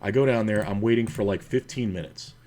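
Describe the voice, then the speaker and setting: A man with a fairly low voice streams himself playing online poker, recorded on a desk mic. He talks to himself casually about his hands, curses freely and wanders into stories between decisions. A faint hiss sits under his voice. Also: a little fast, warm tone. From United States.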